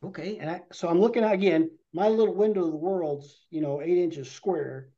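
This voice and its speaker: A man's voice: high-pitched, brisk, warm tone. Man telling a long hunting story. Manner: rambling hunting tale told with vivid detail. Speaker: podcast guest. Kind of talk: casual storytelling. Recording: dull lo-fi podcast audio.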